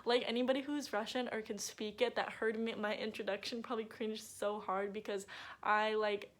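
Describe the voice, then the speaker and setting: A woman's voice: mid-range voice, steady tone, moderate pace. Young woman vlogging, chatty and bubbly, says like a lot, normal middle voice. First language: English. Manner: chatty, bubbly, lots of filler likes. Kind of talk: casual vlog chat to camera.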